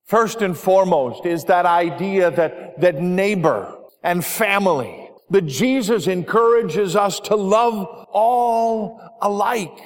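A man, a pastor, telling a story in a sermon with earnest delivery and dramatic pauses. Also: sits high. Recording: long hall reverb.

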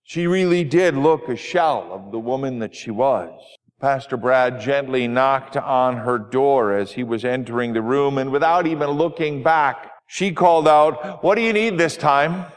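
A male pastor giving a sermon with a told story, speaking in a gentle, measured way, recorded with long reverb. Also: medium pitch.

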